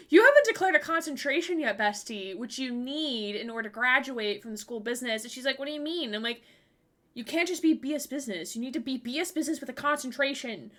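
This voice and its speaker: A woman's voice: high-pitched, bright, forceful tone. A young woman streaming a game live, chatting casually with lots of filler words and breaking into giggles and squeals. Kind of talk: casual live-stream chat while gaming.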